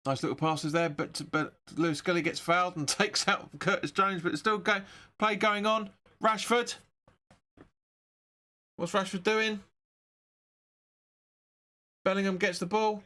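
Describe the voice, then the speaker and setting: A man hosting a football watch-along stream, giving excitable, sweary live match commentary. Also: high voice, moderate pace, long pauses.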